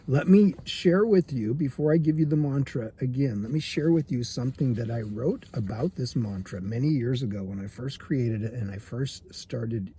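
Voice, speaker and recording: A man's voice: medium pitch, dark tone, a little hiss or hum. A man in a parked car telling a rambling story for his meditation vlog, chuckling often and restarting his sentences. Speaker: meditation teacher.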